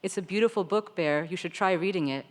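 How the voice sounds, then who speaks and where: A woman author voicing a calm, wry older male bookseller in her reading. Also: fairly low pitch, fairly quick, natural voice. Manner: calm and dry. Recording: long reverb of a large hall.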